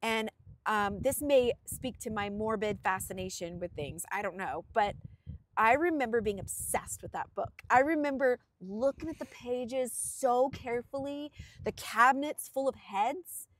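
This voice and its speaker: A woman's voice: a little high, a little slow. A woman in her thirties co-hosting a casual podcast, telling stories animatedly and acting out what people said. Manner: animated storyteller, acts out quotes in shifting voices. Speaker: podcast co-host. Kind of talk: casual chat.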